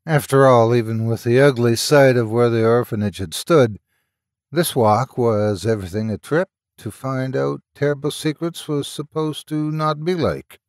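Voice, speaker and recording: Expressive male horror story narrator. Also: mid-range voice, dry recording, clean studio sound. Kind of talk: scripted narration.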